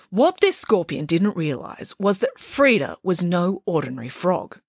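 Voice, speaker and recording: Woman, storybook narrator, playful, expressive, lively pitch, dry close sound. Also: a little slow, gravelly, hardly any pauses, breathy edge, no echo. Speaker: audiobook narrator.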